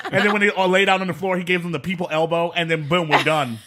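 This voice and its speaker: Podcast co-host, male, high bright voice, lively and exasperated, comic ranting. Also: quick pace. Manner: animated, exasperated, bursts into shouts and laughter. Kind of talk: casual comedic chat.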